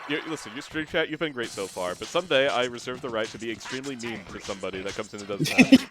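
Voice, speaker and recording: A man streaming a game and chatting casually, rambling into deadpan jokes. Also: mid-range voice, fast talker. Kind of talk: casual gaming stream chat.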